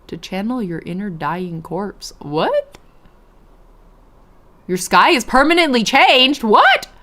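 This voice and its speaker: A woman's voice: mid-range voice, sing-song, slow pace, pushed and bright. A woman streamer chatting casually while playing a game and answering her chat. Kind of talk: casual gameplay commentary.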